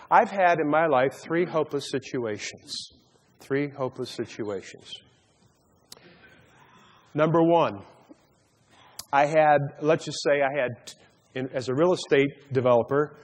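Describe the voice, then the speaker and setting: A man teaching a Bible study sermon, telling stories and jokes, often stumbling and repeating words as he goes. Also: fairly high pitch. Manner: stammering repeats, storytelling with a joke. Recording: long hall reverb.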